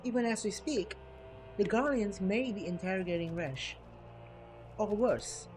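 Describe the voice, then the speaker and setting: A man's voice: high-pitched, measured pace, a little mellow, a little hiss or hum. A man voicing an earnest young woman resistance soldier from a game, reading her formal, old-fashioned lines aloud with game music behind. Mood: urgent.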